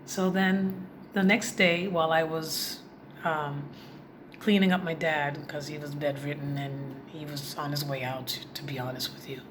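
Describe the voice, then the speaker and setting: A woman's voice: low-pitched, steady tone, unhurried. A woman vlogger telling a personal story in a heartfelt, confiding way, speaking directly to her viewers. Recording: noisy background.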